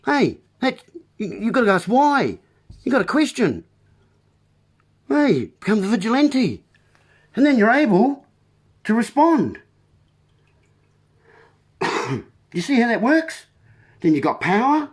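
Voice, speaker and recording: A man's voice: high-pitched, very animated, unhurried, pauses often. A man delivering a rambling monologue as host, full of playful wordplay and talking straight to the listeners as folks.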